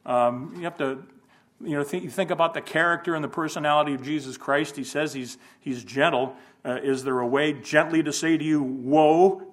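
A man's voice: a little high, fairly even intonation, fairly quick, fairly bright tone. Folksy man teaching a Bible class. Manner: conversational, thinking aloud with rhetorical questions. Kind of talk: informal Bible lesson.

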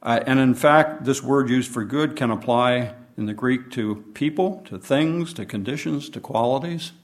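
Man preacher, mid-pitched voice, patient Bible study teaching style. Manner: unhurried teaching, reads and explains scripture.

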